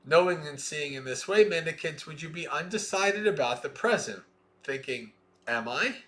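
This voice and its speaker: A man reading a Buddhist scripture aloud in a slow, measured way, with plain explaining asides between passages. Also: fairly high pitch, animated, fairly bright tone. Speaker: Dhamma reader.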